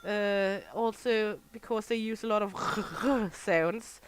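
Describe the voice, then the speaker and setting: A woman's voice: medium pitch, fairly even intonation, a little slow, a little hiss or hum, poor audio. A Danish woman from Southern Jutland, chatting casually and laughing while she streams a game. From Southern Jutland, Denmark. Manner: chatty, rambling, laughs often. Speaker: gaming streamer. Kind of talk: casual chat while playing.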